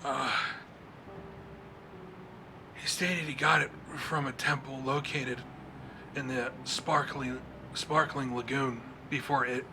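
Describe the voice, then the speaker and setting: A man's voice: medium pitch, background noise, pitched above the performer's own voice, natural voice. Man doing a dazed, entranced man. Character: entranced man reciting secrets.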